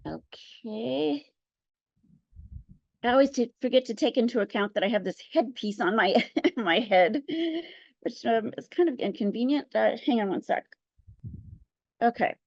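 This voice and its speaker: Woman poet, comic reader, high-pitched and animated, casual and playful. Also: slow, gravelly, pauses often, dry recording. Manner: chatty, playful, laughs between pieces. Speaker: poet guest. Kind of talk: comic poetry reading. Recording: dull, dry sound.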